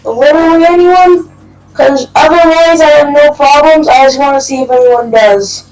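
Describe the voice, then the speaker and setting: High-pitched woman, dry role-play player. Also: moderate pace, a little mellow, distant mic, faint music behind, rough recording. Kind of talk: role-play game banter.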